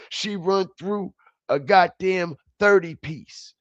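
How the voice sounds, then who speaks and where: A man rants on his livestream in a heated, taunting way, pressing each point again and again. His voice sits a bit high and he talks slowly. The audio is dry and a little dull, like a home streaming mic. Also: no echo. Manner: heated, confrontational, repetitive and taunting. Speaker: livestream commentary host. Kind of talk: profane ranting livestream commentary. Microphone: streaming setup mic.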